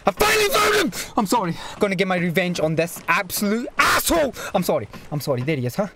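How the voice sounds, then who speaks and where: A gamer giving loud commentary, swinging between yelling, swearing and joking at the enemies on screen. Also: mid-range voice, sing-song, fast, very noisy.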